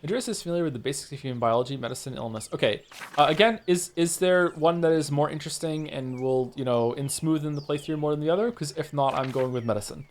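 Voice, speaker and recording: Male game streamer, a bit high-voiced, reads game text aloud, trips over names, curses a lot in loose asides. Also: fast talker, a little hiss or hum. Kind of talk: live game stream read-along.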